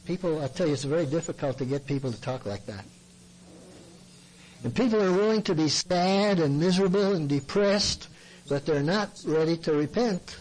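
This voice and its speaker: Folksy man, somewhat high voice, earnest sermon-style counseling talk. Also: lively intonation, normal speed, a little mellow, poor audio. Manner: earnest, folksy, acts out what people say to him. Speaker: Christian counselor speaking to men. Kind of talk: plain-spoken sermon talk.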